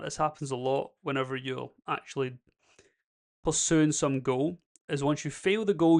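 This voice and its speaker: Gravelly Scottish man, candid vlog. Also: a little high. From Scotland. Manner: candid, rambling and self-deprecating. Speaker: YouTube creator. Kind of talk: casual vlog monologue.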